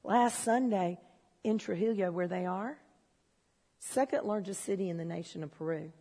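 A woman preaching a sermon in a church, telling stories and swinging from low, confiding talk to shouted excitement. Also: moderate pace, husky. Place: church hall. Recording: long hall reverb.

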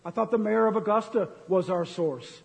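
A man's voice: sits high, normal speed, vocal fry. A middle-aged man preaching a sermon as pastor in a church, ranting with jokes. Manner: impassioned, ranting, jokey. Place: church sanctuary. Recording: long hall reverb.

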